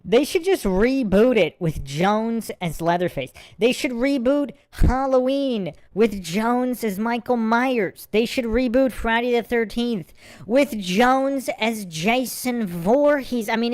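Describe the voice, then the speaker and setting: A woman's voice: a little high, a little mellow, no room sound. A woman hosting a live Q&A stream, commenting in a casual, amused and mocking way. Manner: amused, mocking, laughing asides. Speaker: livestream host.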